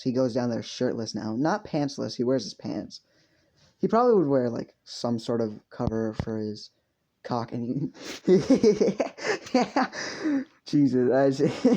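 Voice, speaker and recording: A man's voice: medium pitch, mellow, slight background noise. A young man improvising a story casually, rambling and crude, often correcting himself, recorded at home on a dull lo-fi mic. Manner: rambling, crude, self-correcting, with frequent fillers. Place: home room with a pet cat.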